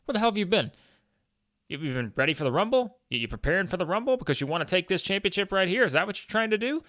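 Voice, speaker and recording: A man voicing an agitated, hopped-up male pro wrestler who shouts accusations and stammers as he rushes. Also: high voice, sing-song, voice pushed up, exaggerated voice. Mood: accusing, frantic.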